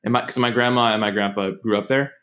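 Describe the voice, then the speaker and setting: A young man hosts a casual podcast, wandering through stories and straying into side tangents. His fairly low, somewhat bright voice moves quickly, with fairly even intonation.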